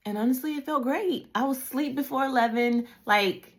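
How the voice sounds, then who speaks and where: A woman's voice: high voice, normal speed. A middle-aged woman hosting a casual reflective talk, telling candid stories and acting out quoted voices. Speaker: host.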